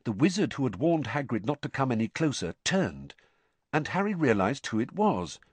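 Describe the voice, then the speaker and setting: Male audiobook narrator, husky, animated pitch, dry close recording. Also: normal speed, dry recording. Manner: steady storytelling, shifts into character voices.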